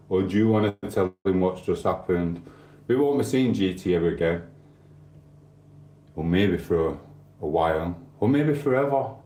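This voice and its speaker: A man's voice: fairly low pitch, warm tone, reverberant. A man hosting a stream, rambling in casual chat with swearing and asides to viewers. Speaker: livestream host.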